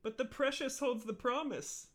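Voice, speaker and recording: A man's voice: extremely high pitch, steady tone, moderate pace, fairly bright tone. A man reading the part of a timid, pleading creature in his plain everyday voice, without acting it out. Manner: plain and unacted.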